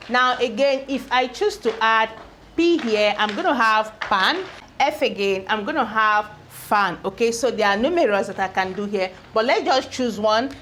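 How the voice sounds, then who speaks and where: Slow, patient woman English teacher. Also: mid-range voice, bright, forceful tone, a little hiss or hum. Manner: repeats each word several times, ends points with "okay?". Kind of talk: spelling and phonics lesson.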